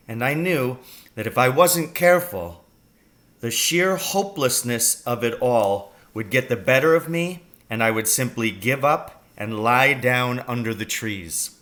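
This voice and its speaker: A man reads a children's novel aloud with slow, deliberate storytelling. His voice is bright, and his pitch sits in the middle range. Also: lively intonation. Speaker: reader.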